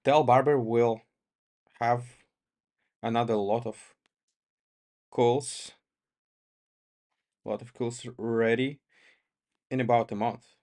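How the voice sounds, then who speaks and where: A man's voice: mid-range voice, steady tone, slow pace, pauses often, a little mellow. A man reading as a firm cattle-queen wife. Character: firm, commanding ranch-owning woman.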